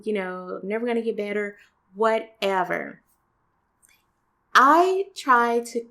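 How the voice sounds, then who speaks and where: Gentle, encouraging woman podcast host. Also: mid-range voice. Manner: gentle, encouraging, chatty with fillers. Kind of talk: casual self-help podcast talk.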